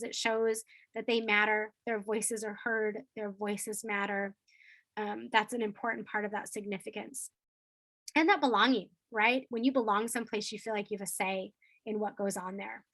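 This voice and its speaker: Woman teacher, lively training talk, acts out kid-friendly phrases, dry recording. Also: a little high, dry recording, rough recording.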